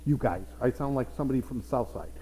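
A man's voice: medium pitch, very fast, mellow. A man preaching a sermon as pastor, with playful asides to his congregation. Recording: reverberant hall.

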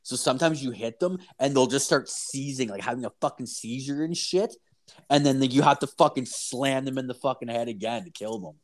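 A man's voice: mid-range voice, brisk. A young man with an ordinary mid-range voice rambles through a crude anecdote. He swears constantly and stacks fillers as he goes. The tone is loose, casual storytelling between friends. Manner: profane, rambling, animated storyteller.

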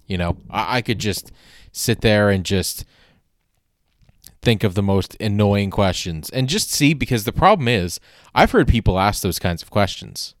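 Deep-voiced guy doing a solo podcast, rambly and wry, swears a bit, dry close sound. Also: expressive, measured pace, no echo. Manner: rambling, wry, self-deprecating, frequent fillers and restarts; swears casually. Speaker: podcast host. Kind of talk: casual solo podcast monologue.

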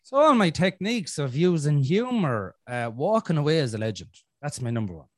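An Irish man hosting a casual podcast, talking bluntly with plenty of swearing and jokes. His fairly high voice swings widely in pitch as he acts out his own inner voice. The recording is dry and close, with no room sound. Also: big pitch swings, a little fast, no room sound. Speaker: podcast host.

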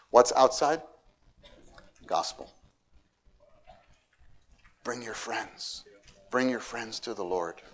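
An animated male preacher giving a sermon to a congregation. His volume swings from soft asides to loud, emphatic exhortation. He sits at a middle pitch and breaks into voiced quotes of the people he talks about. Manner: animated, shifts between quiet and loud. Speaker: church speaker.

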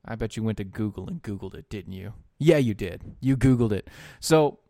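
A man's voice: fairly low pitch, animated, mellow, dry recording, studio quality. Sarcastic man commentating. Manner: sarcastic asides muttered under his breath; halting, with frequent fillers and restarts. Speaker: political commentator. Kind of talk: opinion commentary.

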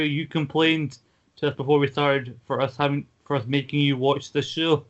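A man co-hosting a casual podcast, ranting quickly with many fillers. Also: a little high, level tone. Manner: fast, filler-heavy ranting. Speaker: podcast co-host. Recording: dull lo-fi podcast audio.

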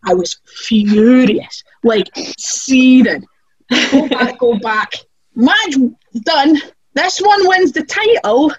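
Woman, high and very animated storyteller, slightly muffled dry recording. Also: slow pace, slightly rough, no room sound. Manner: lively, acts out quotes with big pitch jumps. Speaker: wrestler guest.

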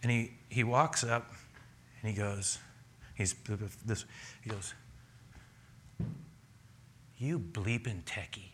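A man preaching a sermon, telling a personal story with lively laughter and acted-out dialogue. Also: on the low side, slow, pauses often, noisy background. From a city. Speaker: pastor.

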